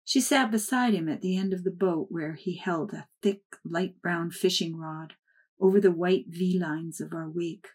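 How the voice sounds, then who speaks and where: A woman with a somewhat low voice reads a first-person memoir aloud. Her storytelling is soft and measured. The narration is unhurried. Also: breathy edge.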